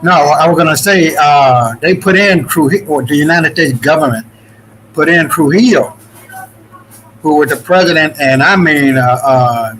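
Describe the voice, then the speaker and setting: A man's voice: on the high side, moderate pace, fairly bright tone, a little hiss or hum, poor audio. A man from the Dominican Republic in a casual, rambling talk-show chat, swearing freely and restarting his sentences often. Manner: loose, profane, rambling with many restarts.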